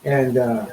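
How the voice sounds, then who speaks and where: A middle-aged man speaking as a guest in an interview, telling a personal story in an earnest, halting way, full of fillers and restarts. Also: medium pitch, darkish tone, reverberant, a little hiss or hum, low-quality recording.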